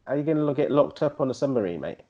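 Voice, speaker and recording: A man, co-hosting a podcast and telling animated, slangy stories in casual chat. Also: mid-range voice, very fast, muffled recording. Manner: animated storyteller, slangy, slips into put-on MC voices. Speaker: podcast co-host.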